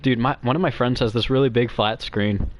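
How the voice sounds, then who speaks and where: A man's voice: mid-range voice, fairly even intonation. A young man rambling crudely and nervously as a guest to some streamers, giggling as he goes. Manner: nervous, quick and quiet. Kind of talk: rambling comedic chat.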